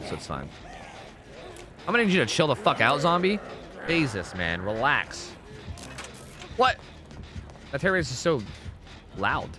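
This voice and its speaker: A young man commentates his gameplay live in a slightly high, wildly swooping voice. He curses freely and jumps from shocked yells to mumbled asides. Game music plays clearly underneath. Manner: excitable, swearing, swings from yelling to mumbling. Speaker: streamer.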